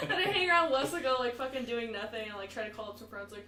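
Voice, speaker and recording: A woman's voice: high voice, moderate pace. A young woman on a casual podcast, swearing freely and laughing as she tells a story about her teens. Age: young adult. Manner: swears freely, laughs often, animated retelling. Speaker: podcast co-host. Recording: echoey room, mic at a distance, chatter behind.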